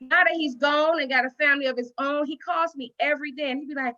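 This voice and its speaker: A middle-aged woman, the guest speaker at a women's dinner, gives a heartfelt personal speech at the event venue in a high, bright, forceful voice. She talks quickly with fairly even intonation, telling folksy stories with acted-out quotes and repetition. The lo-fi recording sounds dull.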